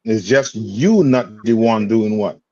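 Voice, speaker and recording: A man's voice: on the low side, takes it slowly, a little mellow, no room sound. A man teaching a scripture class in plain street talk, quizzing his student with repeated "you understand?" checks. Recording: dull lo-fi sound.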